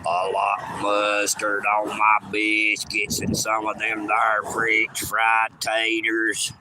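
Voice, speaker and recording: Man putting on a deep slow rustic drawl. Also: completely flat delivery, noisy background. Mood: simple-minded. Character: slow, deep-voiced rustic man who loves simple food.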